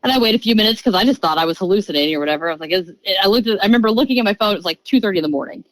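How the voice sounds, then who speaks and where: A lively woman in her thirties, telling a story as a podcast guest at a middle pitch. She rattles along in quick chatty bursts and acts out every quoted voice. The sound is close and dry, with no room around it. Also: no echo, rough recording. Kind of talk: casual storytelling.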